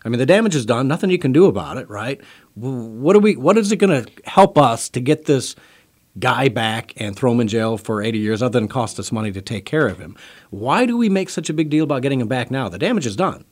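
Talk radio co-host, man, animated pitch, playful devil's advocate. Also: brisk. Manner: provocative, playful, argumentative. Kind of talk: political talk radio discussion.

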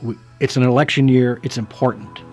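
A man's voice: mid-range voice, fairly even intonation, fairly quick, darkish tone, faint music behind. A man hosting a talk radio show, chatting casually and emphatically, often restarting his sentences.

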